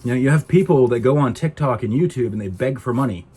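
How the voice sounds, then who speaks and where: A man's voice: mid-range voice, expressive, fast, mellow, slightly rough. A man ranting to camera in a casual vlog, indignant and exasperated. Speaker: vlogger.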